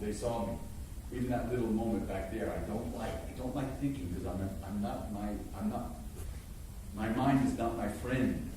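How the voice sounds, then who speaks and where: An older man teaching acting before an audience, an animated storyteller who stammers and restarts and bursts into loud impressions. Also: fairly low pitch, noisy background. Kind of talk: lively workshop talk. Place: large hall before an audience. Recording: echoey hall from far off.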